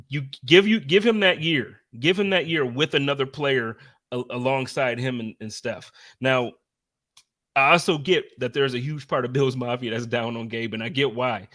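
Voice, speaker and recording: A man with a bright, forceful voice hosts a casual sports talk show. He talks with lively emphasis, building his points with repeated phrases and quick asides. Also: mid-range voice. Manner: energetic, animated, emphatic. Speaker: podcast host.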